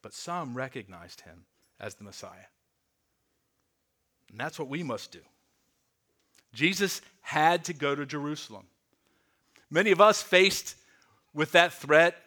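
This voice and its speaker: A man, a pastor, preaching a sermon in an earnest way, slowing and dropping soft on key words. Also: on the high side, very animated. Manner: earnest, slows and drops softly on key words; repeats words while restarting.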